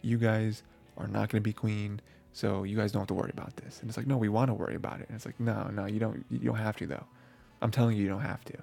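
A man's voice: on the low side, little pitch movement, quick pace, vocal fry, warm tone, soft background music. A man giving a casual, rambling review of anime episodes, full of fillers and restarts.

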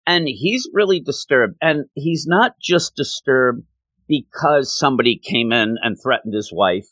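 A man casually recapping a comic book story, explaining it in an animated way and slipping into the characters' lines. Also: medium pitch, unhurried, no room sound. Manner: animated, acts out quoted lines.

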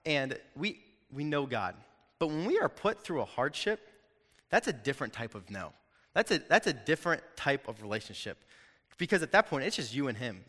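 A young man giving a sermon in a casual, animated way, joking with his listeners. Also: on the high side. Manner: animated, conversational, jokes with the audience. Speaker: preacher. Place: hall with an audience. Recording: long hall reverb.

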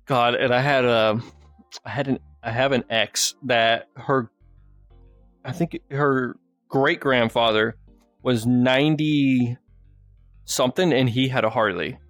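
A man's voice: medium pitch, steady tone, takes it slowly, pauses often, a bit bright, no echo, soft background music. A man hosting a casual podcast who tells rambling stories, swears freely, and says "dude" and "like" often. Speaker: podcast host.

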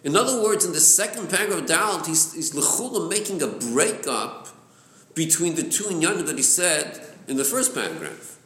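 A man's voice: fairly high pitch, normal speed. A man teaching a Chassidic text class, explaining with many repeated words and Hebrew terms mixed in. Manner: lively, repeats words, mixes Hebrew and Yiddish terms into English. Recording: echoey room.

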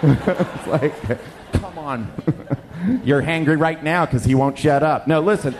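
Middle-aged male pastor from Canada, higher voice, jokey, animated storyteller. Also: takes it slowly, pauses often, a little hiss or hum. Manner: animated, jokey, acts out dialogue. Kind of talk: sermon storytelling.

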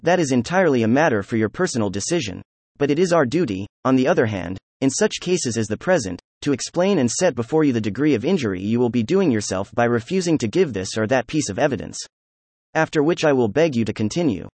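A man voicing a stern, formal male prosecutor who speaks in a measured way. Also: mid-range voice, big pitch swings, a little mellow, dry recording.

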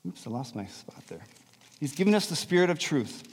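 A man preaching a sermon as pastor, animated and conversational, asking the congregation questions. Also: a little high, fairly quick, slightly rough, in a large hall. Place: church sanctuary.

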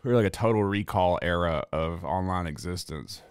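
A man's voice: low-pitched, moderate pace, few pauses, clear, resonant tone, no echo, clean studio sound. A young man streaming, ranting casually and sarcastically with plenty of swearing. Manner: sarcastic, swears freely, drawling asides. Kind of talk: casual profane rant.

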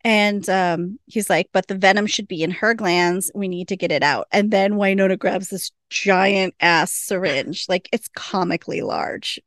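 A woman's voice: mid-range voice, a little slow, few pauses, fairly bright tone, no echo, studio quality. A woman hosting a podcast, casually recapping a TV episode, laughing often and acting out the lines. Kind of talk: casual chat.

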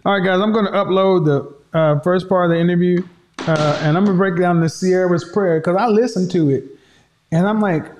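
A man's voice: sits high, fairly even intonation, moderate pace, a little mellow. A man talking to his audience in an emphatic, preachy commentary, repeating his points for effect. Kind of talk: opinionated commentary monologue.

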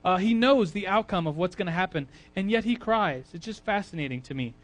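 A man preaching an informal sermon in a chatty, conversational way with frequent fillers. He moves between quiet asides and loud bursts of emphasis. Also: high voice, animated, brisk.

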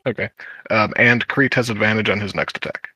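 A man's voice: fairly low pitch, a little fast, pushed and bright, husky, dry recording. A man playing a tabletop game, checking rules and asking the game master questions. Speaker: player.

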